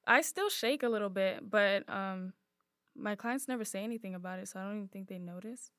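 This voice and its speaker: A young woman co-hosts a podcast, easygoing and thoughtful in casual chat full of "um" and "like" fillers. Her medium-pitched voice is brisk and a bit bright, recorded dry with clean studio sound.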